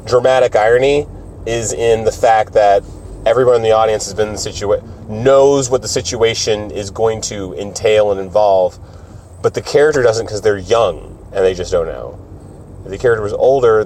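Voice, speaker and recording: A man's voice: fairly low pitch, a little mellow, a little hiss or hum. A man hosting a podcast in a casual, rambling way, swearing often and poking fun at himself. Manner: rambling, swears a lot, self-mocking. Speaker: podcast host. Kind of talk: casual solo podcast chat.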